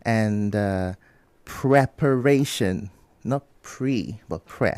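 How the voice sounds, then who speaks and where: A man in a radio studio, briskly correcting student debaters' pronunciation word by word and explaining each fix. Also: medium pitch, a little mellow, no echo. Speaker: pronunciation coach on a radio show.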